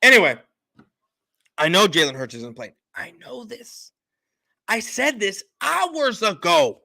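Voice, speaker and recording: Loud emphatic man, bright voice. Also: high voice, wildly swooping pitch, takes it slowly, gravelly. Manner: loud, emphatic, repetitive insistence. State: been drinking a little. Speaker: sports podcast host. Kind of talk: heated sports opinion talk.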